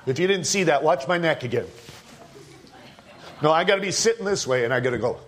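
A man with a notably high-pitched voice delivers an informal sermon. He talks to the congregation conversationally, mixing jokes with personal stories. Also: lively intonation, a little fast, slight background noise. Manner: conversational, joking, storytelling. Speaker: preacher.

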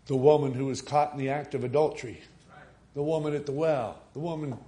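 A male preacher delivers a sermon in an ordinary middle-pitched voice. He narrates a story in a conversational way and pauses to put rhetorical questions to his listeners. He swells into strong, pleading exhortations. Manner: builds from quiet musing to rising, emphatic appeals.

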